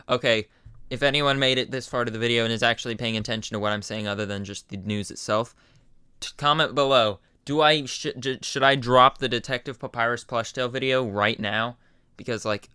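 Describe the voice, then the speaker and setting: A man's voice: medium pitch, sharp tone, clean tone, no room sound. A young man hosting a casual reaction video, talking in a rambling, self-interrupting way. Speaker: channel host reacting to game news.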